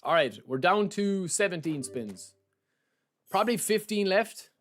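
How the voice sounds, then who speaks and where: Excitable Irish man streaming, lads. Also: high voice, a little slow, faint music behind. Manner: excitable, chatty, addresses chat as lads. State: sleep-deprived. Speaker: gaming streamer. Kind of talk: live stream chat while opening game packs.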